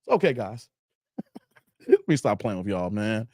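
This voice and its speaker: A man's voice: fairly low pitch, big pitch swings, a little slow, darkish tone, no echo, studio quality. A man hosting a casual livestream who reads out viewer comments, jokes loosely and laughs often. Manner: loose, joking, laughing often, drops into mock voices. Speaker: livestream host.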